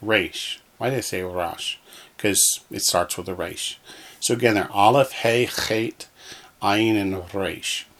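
A man's voice: lowish voice, slow, fairly bright tone. A man teaching a reading lesson, patiently sounding out words one syllable at a time from a textbook.

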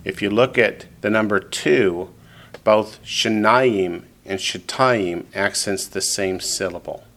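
A man's voice: fairly low pitch, slow, fairly bright tone. A man teaching a classroom lesson who repeats each student's answer back and then explains it patiently, step by step. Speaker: Hebrew teacher.

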